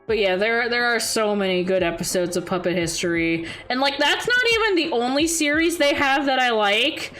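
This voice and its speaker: Young woman streamer, slightly high voice, rambling casual chat, giggly, faint music underneath. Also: animated, moderate pace, hardly any pauses, fairly bright tone.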